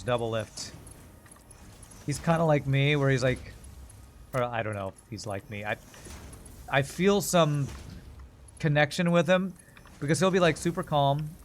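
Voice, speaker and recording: A man with a mid-range voice thinks aloud while playing a game on a live stream, with slight background noise. His casual commentary is rambling and self-mocking.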